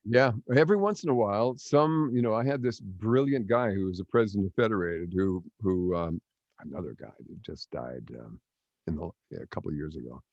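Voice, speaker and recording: Older man, veteran broadcaster; deep voice, dry sound, lively storyteller. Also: a little fast, no room sound, highs cut off. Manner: animated storyteller acting out quotes. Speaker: guest, broadcaster. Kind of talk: storytelling interview.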